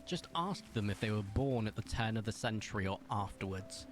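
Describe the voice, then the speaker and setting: A man's voice: lowish voice, expressive, fairly quick, soft background music. A man of about thirty, chatting on a gaming stream at his home desk and talking to his cat in a coaxing voice. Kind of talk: casual gaming stream chat. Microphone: desk microphone.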